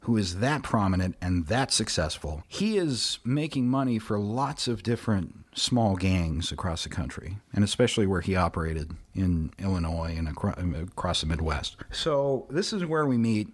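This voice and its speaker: A man, a podcast guest, recapping a history story in a chatty, animated way with asides. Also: deep voice, moderate pace, hardly any pauses. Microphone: podcast mic on a video call.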